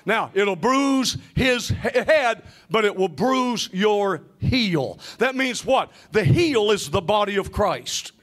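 A man with a very high voice preaches a sermon. He calls out questions and waits for the congregation to answer. He often climbs into shouts and sing-song phrases. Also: lively intonation, slow pace, few pauses. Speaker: pastor.

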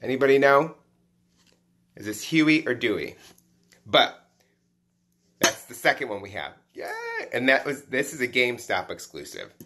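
A man chatting casually on a live stream as he unboxes collectible toys, excitable and chatty, greeting viewers by name. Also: medium pitch, normal speed, pauses often, slight background noise.

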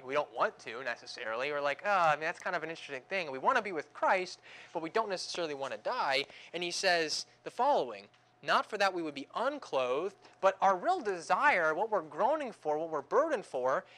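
A man's voice: on the high side, bright, forceful tone. A young male pastor preaching a conversational sermon, with joking asides and acted-out groans.

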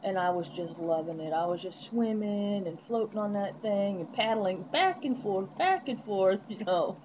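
A woman's voice: medium pitch, lively intonation, normal speed, darkish tone, muffled recording, a little hiss or hum. A woman vlogging from a hotel room into her netbook webcam, chatty and rambling, laughing often. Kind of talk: casual webcam diary. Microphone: netbook webcam microphone.

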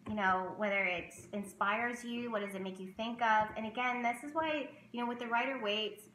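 A woman's voice: on the high side, steady tone, normal speed, fairly bright tone, echoey room, slight background noise, rough recording. A woman vlogging about tarot in casual chat to camera, emotional and rambling, with many fillers and restarts.

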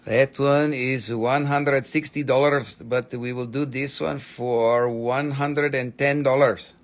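A man's voice: medium pitch, fairly even intonation, takes it slowly. A man selling stones on a live shop stream, in joking patter with playful broken English. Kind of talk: live sales pitch.

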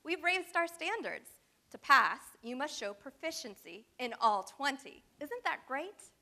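A woman's voice: high voice, big pitch swings, a little slow, bright, forceful tone, pitched above the performer's own voice, heavily acted. A woman reading aloud and voicing a gleeful female sphinx monster who acts like a cheery test proctor, in a sing-song quizmaster tone.

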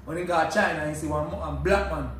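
A man's voice: fairly high pitch, fast, a bit bright. An older man with a Jamaican accent, telling laid-back stories in patois in a casual chat. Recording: echoey, distant mic with faint background hiss.

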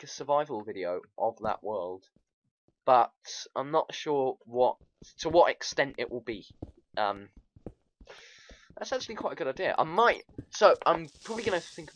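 A man giving rambling, excitable commentary over his game, chatting to viewers and laughing often. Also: mid-range voice, no room sound, poor audio. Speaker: gaming video host.

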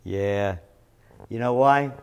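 A man's voice: medium pitch, takes it slowly, clear, resonant tone. A man hosting a political commentary segment, sarcastic and scornful, hammering his points with heavy emphasis. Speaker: host.

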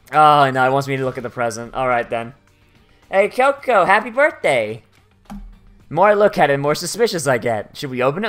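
A young woman hosting a let's play, rambling and sarcastic with heavy swearing as she reads the game's text aloud. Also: sits low. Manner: crude, heavily profane, sarcastic, rambling. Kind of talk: gameplay commentary reading game text aloud. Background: faint game music.

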